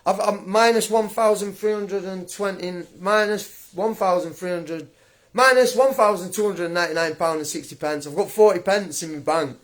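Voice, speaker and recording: A man's voice: high voice, moderate pace, a bit bright. A young man livestreaming an angry rant, taunting and mocking a critic with frequent laughs.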